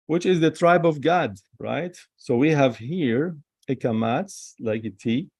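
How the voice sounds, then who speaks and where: Man, slow, drawn-out alphabet lesson, repeats sounds, gravelly. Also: mid-range voice, darkish tone, no room sound. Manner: repeats sounds slowly, pauses while writing. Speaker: Hebrew teacher.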